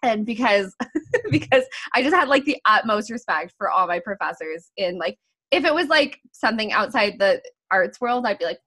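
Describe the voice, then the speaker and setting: Animated young woman telling stories with laughs. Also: on the high side, fairly quick. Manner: animated storyteller, laughs often, swears casually. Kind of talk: casual chat.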